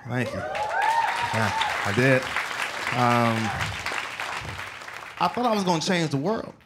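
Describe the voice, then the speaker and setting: A man doing a stand-up set on a club stage, telling stories with animated acted-out voices into a handheld mic. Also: medium pitch, takes it slowly. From Chicago. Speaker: stand-up comedian. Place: comedy club stage before a live audience. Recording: live club recording with crowd and noise. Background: audience laughter.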